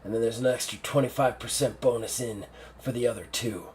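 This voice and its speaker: A man voicing a gruff, ruthless old male general who speaks in blunt, commanding orders. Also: medium pitch, brisk, darkish tone, a little hiss or hum, lightly acted.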